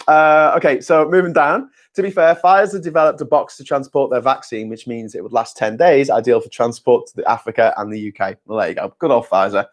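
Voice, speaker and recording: Sarcastic man hosting a live chat. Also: medium pitch. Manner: sarcastic, jokey asides, swears casually; rambling, self-correcting. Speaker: host. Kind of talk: informal live-stream chat reading viewer comments.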